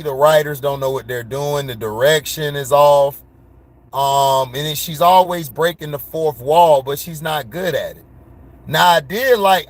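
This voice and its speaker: A man ranting casually to his viewers, blunt and full of slang, laughing and getting worked up. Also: on the high side. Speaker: vlogger.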